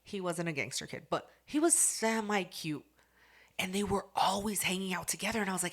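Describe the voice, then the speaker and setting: A young woman on a podcast telling a story in casual, profane chat, acting out quotes with big jumps in loudness. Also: on the low side, brisk. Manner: animated, profane, acts out quotes loudly. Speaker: podcast host.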